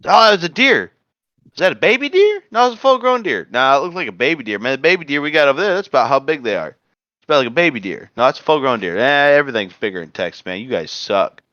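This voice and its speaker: A man voicing a boastful Texan visitor who scoffs at everything, raised high and brash, in a dull, dry recording. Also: sing-song, fast talker, sharp tone, no room sound. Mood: bragging. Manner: brash, bragging drawl. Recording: dull lo-fi dry podcast audio.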